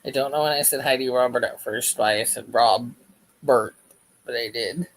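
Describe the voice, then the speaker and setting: A man's voice: mid-range voice, fast talker, a bit bright, poor audio. A man hosting a crochet livestream, chatting casually and jokily while reading the live chat aloud as he works.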